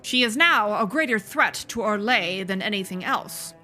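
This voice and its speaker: A woman reading a scheming, persuasive nobleman's lines in a measured, deliberate way, in a slightly lowered voice. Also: expressive, pushed and bright, faint music behind.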